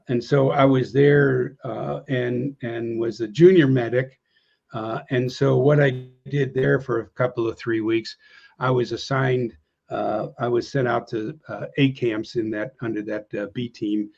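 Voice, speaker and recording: Speaking in a gravelly, darkish voice, this older man from the United States is an interview guest and veteran casually recounting his war experiences. His telling wanders, full of fillers and false starts, and he raises his voice and pitch to play out remembered dialogue. The recording sounds dull and lo-fi.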